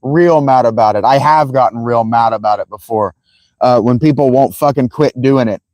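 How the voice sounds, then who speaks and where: A man chatting on his own livestream, rambling and swearing as he retells a story with lots of energy. His voice is mellow and relaxed. The sound is dry and close, with no room echo. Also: medium pitch, normal speed. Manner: rambling, profane, animated storytelling. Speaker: livestream host. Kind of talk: casual livestream chat.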